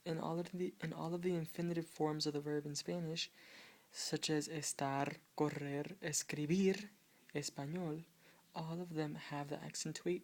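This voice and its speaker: Low, gravelly woman teaching Spanish. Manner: patient, halting, repeats and restarts phrases; points at written words while explaining. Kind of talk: explaining grammar rules in a video lesson.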